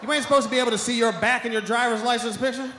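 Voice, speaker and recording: A man from Washington, D.C., doing stand-up comedy, profane and animated, often shouting. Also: very high-pitched, racing, slight background noise. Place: comedy stage. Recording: echoey hall, live stage.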